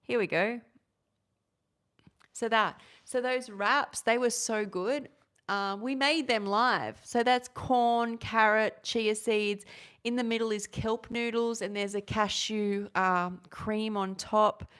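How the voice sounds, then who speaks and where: A woman's voice: a little high, fairly even intonation, fairly bright tone, smooth. Chatty woman vlogger, thirties, rambling live chat. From Australia. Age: 30s. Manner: rambling, chatty, self-interrupting, quick laughs. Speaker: vegan recipe vlogger.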